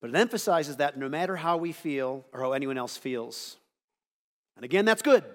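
Man preaching in an echoing hall. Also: a little high. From United States. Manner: animated, conversational preaching with rhetorical asides. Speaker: pastor. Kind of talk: sermon.

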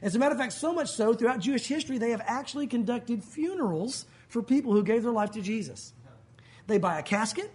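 A man's voice: very high-pitched, animated, quick pace, darkish tone, slightly rough. A man preaching a sermon as pastor, conversational and emphatic, mixing jokes with teaching.

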